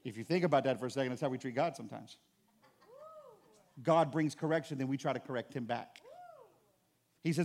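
A man preaching a sermon as pastor, animated and conversational, with joking asides to the congregation. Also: fairly high pitch, brisk, pauses often.

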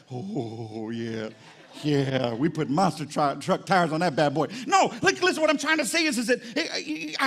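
A man, a pastor preaching a live sermon at a church service in an animated, conversational storytelling way. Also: very high voice.

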